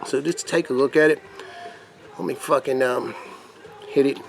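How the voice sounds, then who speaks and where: A man's voice: mid-range voice, fairly even intonation, moderate pace, slight background noise. A man reviewing vape mods in a rambling, profane vlog, putting on a crude redneck persona. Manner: put-on rough redneck persona. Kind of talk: casual product demo vlog.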